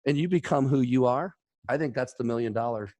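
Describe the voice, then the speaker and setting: A man from Chicago hosting his own podcast, talking quickly and bluntly. He tells stories with energy and gives motivational advice. His voice sits in a middle register and sounds dry and close. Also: medium pitch, no room sound. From Chicago, USA. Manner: energetic storyteller, acts out quotes. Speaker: host. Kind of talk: casual podcast conversation.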